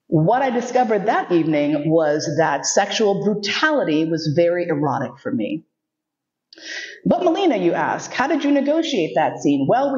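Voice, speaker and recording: In a deep, darkish voice, a woman in her fifties from New York City delivers a storytelling lecture as a sexuality educator, candid and funny, imitating the people she quotes. The recording is muffled and roomy.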